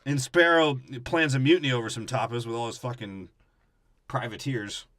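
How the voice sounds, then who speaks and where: A man's voice: medium pitch, animated, normal speed, fairly bright tone, no room sound, clean studio sound. A young man co-hosting a comedy podcast, riffing crudely on a movie with lots of swearing and mock voices. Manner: profane, jokey, jumps into mock character voices. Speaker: podcast co-host. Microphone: podcast microphone.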